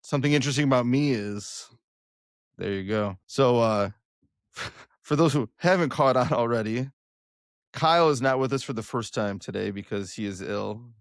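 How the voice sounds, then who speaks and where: A young man hosting a podcast, joking loudly with a flat announcer-like delivery. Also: mid-range voice, moderate pace, dry recording, clean studio sound. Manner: loud, joking, self-described monotone announcer delivery. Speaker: podcast host. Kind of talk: casual podcast chat.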